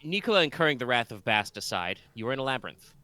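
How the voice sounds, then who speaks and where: A man's voice: mid-range voice, very animated, fast, pushed and bright, dry recording. A congested, slightly nasal man running a tabletop game as game master, chatty and rambling with plenty of fillers.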